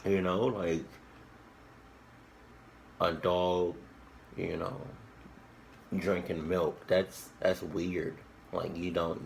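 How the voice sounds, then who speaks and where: A man with a low, gravelly voice talks slowly and loosely, circling around his point with crude jokes and false starts. It sounds like casual reaction commentary, with a faint hiss of noise behind him. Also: level tone, poor audio. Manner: rambling, crude jokes, frequent restarts and fillers. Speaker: reaction video host.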